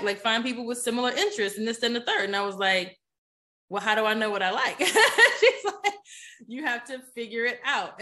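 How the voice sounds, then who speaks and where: A woman guest on a podcast, telling a story in a casual, animated way and often checking in with "you know what I'm saying?". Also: fairly high pitch. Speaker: podcast guest, poker player.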